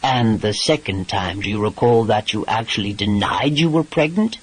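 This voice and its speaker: A man voicing a gruff, exasperated English lord and former pirate, with a dry and teasing English manner in an audiobook. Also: fairly low pitch, normal speed, voice pushed down, low-quality recording. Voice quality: dry, exasperated, swears mildly.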